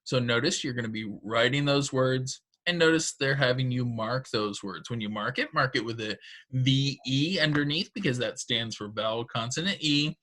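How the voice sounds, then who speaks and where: A man's voice: mid-range voice, moderate pace, sharp tone. A male teacher giving patient, step-by-step instructions in a recorded phonics lesson for children and their parents.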